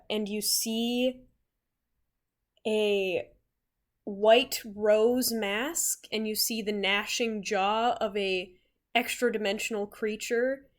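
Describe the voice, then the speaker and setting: A woman running a tabletop role-playing game as game master, narrating scenes slowly with many fillers. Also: mid-range voice. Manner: unhurried, filler-heavy narration.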